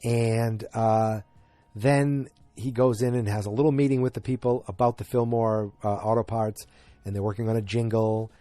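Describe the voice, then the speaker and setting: A man's voice: fairly low pitch, fairly even intonation, normal speed, dark tone, no echo. A man hosting a podcast, chatting through an episode recap in a rambling way that flares into exasperation. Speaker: podcast host.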